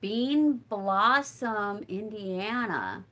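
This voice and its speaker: A woman's voice: mid-range voice, expressive, slow, few pauses, a bit bright. A middle-aged woman hosting a casual livestream, chatting with viewers and answering comments while she crafts, rambling and thinking aloud with lots of fillers. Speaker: livestream host.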